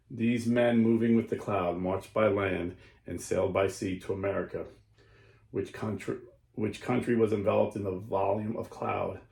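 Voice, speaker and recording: A low, gravelly male voice reads an old account with slow, stressed dramatic lines and breaks off to explain in plain talk. He sounds like the host of a Catholic commentary show, recorded in a roomy space with an echo. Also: darkish tone. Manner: slows and stresses lines when reading aloud, then explains plainly.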